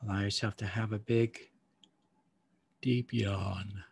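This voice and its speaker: A man leading a guided somatic meditation, giving slow, calm, soft-spoken instructions with long pauses. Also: lowish voice, creaky, husky.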